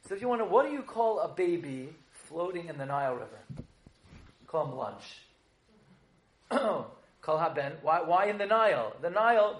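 High-voiced man joking through a lecture. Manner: joking, storytelling, quizzes the audience. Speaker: rabbi teaching a class. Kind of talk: humorous Torah lecture. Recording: echoey room.

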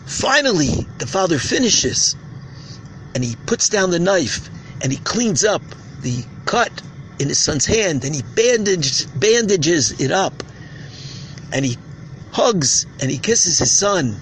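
A man with a Yeshivish English accent and Ashkenazi Hebrew pronunciation, preaching a sermon as a rabbi and acting out dramatic scenes with shouted cries. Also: high-pitched, big pitch swings, unhurried, slight background noise, low-quality recording. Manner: impassioned storytelling, acts out shouted cries.

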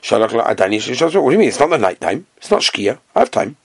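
A man teaching a Talmud class with Yeshivish Ashkenazi Hebrew pronunciation, reading the text and telling the story with animated storytelling. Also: fast talker, gravelly, breathy edge, no room sound, studio quality. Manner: animated storytelling, acting out characters with big jumps in pitch.

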